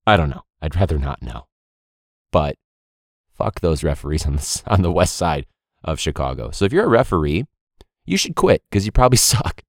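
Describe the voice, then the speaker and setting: Male podcast host, teacher-coach type, deep and animated, swears freely and laughs through his stories. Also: normal speed, no room sound, studio quality. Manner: ranting, heavy swearing, frequent laughs. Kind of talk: casual podcast monologue.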